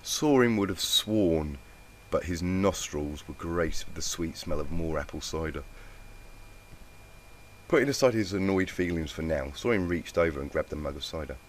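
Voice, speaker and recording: A man reading a fan story aloud in plain, steady narration, with small slips now and then. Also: deep voice, moderate pace, a little hiss or hum. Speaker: fanfic reader.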